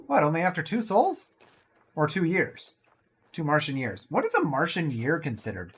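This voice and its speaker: A man's voice: a little high, huge pitch swings, moderate pace, a bit bright, husky. A man talking casually through a survival building game, chatty and playful with jokey asides. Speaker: gaming video creator. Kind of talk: casual let's-play commentary.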